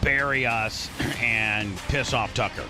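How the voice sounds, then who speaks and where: A man's voice: medium pitch, takes it slowly, music in the background. A man hosting a radio talk show in casual banter, rambling and repeating himself.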